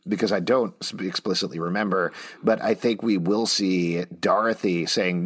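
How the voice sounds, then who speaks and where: A man's voice: low-pitched, fairly even intonation, normal speed, breathy edge. A man co-hosting a TV recap podcast, mixing wry asides with earnest analysis. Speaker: podcast co-host. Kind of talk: casual TV recap chat.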